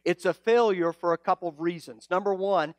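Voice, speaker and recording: A male pastor preaching a sermon, animated and teasing, full of rhetorical questions. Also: sits high, a little fast, no echo.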